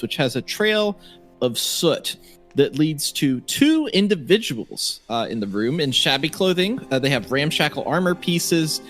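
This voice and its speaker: A man's voice: medium pitch, a bit bright. Hesitant man running a tabletop game. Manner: hesitant, filler-heavy descriptions. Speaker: game master.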